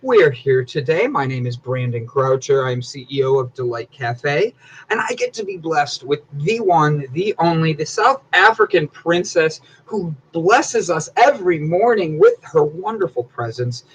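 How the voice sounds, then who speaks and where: A young man hosting a morning talk show, loud and teasing, prone to sudden high-pitched yelling. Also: big pitch swings, measured pace, breathy edge, low-quality recording. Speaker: host.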